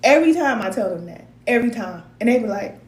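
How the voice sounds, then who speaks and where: A woman's voice: fairly high pitch, lively intonation, quick pace. A woman in her forties, a spiritual advisor, chatting casually and at length on a livestream and reading out viewer comments. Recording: roomy sound with faint noise.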